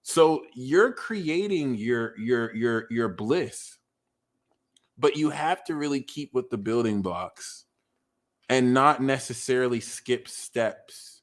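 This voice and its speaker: A man giving a casual livestream tarot and astrology reading, excitable and profane, teasing his viewers and swinging into loud outbursts. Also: mid-range voice, slow.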